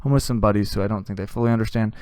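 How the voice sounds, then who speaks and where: A man's voice: lowish voice, fairly even intonation, rapid-fire, darkish tone, smooth, no room sound, studio quality. Crude, rambling male comedian. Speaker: comedy show host. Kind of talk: comedic storytelling monologue.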